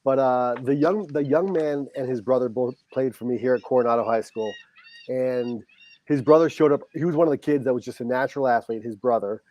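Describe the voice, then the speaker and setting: A middle-aged man, a high school football coach, telling a heartfelt story as a podcast guest and acting out the dialogue. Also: a little fast, darkish tone, no room sound, muffled recording. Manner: earnest, heartfelt, reenacts dialogue.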